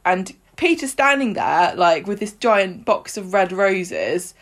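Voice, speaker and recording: A woman's voice: medium pitch, big pitch swings, slow, few pauses, fairly bright tone. A woman, co-hosting a podcast and chattily retelling soap scenes with quoted lines. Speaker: podcast co-host. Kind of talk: casual chat, recapping a soap.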